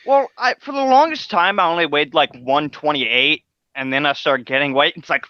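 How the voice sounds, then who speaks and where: A man's voice: on the high side, normal speed, dry recording, highs cut off. A man as a podcast guest, chatting playfully and laughing often. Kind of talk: casual chat.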